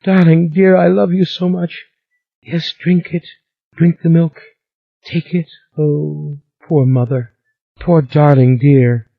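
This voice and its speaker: A man's voice: on the high side, little pitch movement, slow, creaky, phone-quality sound, voice pushed up, exaggerated voice. Weeping childlike giant girl, put on by a man. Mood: tearful pleading. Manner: tearful, pleading.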